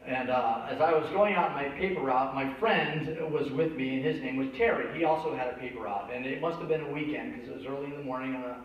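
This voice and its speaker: A pastor with a mid-range voice preaches quickly, barely pausing, as he tells a childhood story and acts out its voices. He's recorded from a distance in an echoey church hall, so the sound comes across dull.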